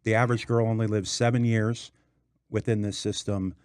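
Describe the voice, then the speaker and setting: A man talking as a guest on a studio talk show, energetic and enthusiastic about his company. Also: on the low side, normal speed, clean tone, no room sound. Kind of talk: casual studio interview.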